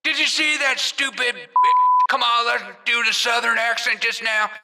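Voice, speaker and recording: Man doing a gravelly, rambling old president. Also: very high-pitched, level tone, moderate pace, very noisy, voice pushed up. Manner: meandering, folksy, trails off. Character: rambling elderly male president, goofy and forgetful. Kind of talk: comedic impression on a podcast.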